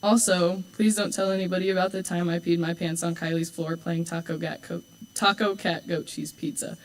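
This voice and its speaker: A woman's voice: fairly low pitch, fairly even intonation, normal speed, poor audio. Teenage girl giving a teasing school speech. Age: late teens. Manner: warm, teasing, with dry asides. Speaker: homecoming court candidate.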